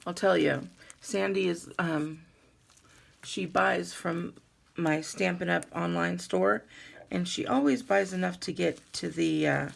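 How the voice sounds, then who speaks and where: A woman's voice: fairly low pitch, slow, creaky. A woman vlogger chatting casually with her viewers as she unboxes gifts, gushing and easily moved. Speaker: stamping and crafting vlogger.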